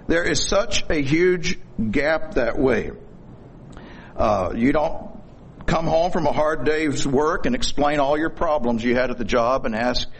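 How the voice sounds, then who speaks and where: A man's voice: a little high, a little hiss or hum. A middle-aged man preaching a sermon in a folksy, storytelling way, with corny jokes.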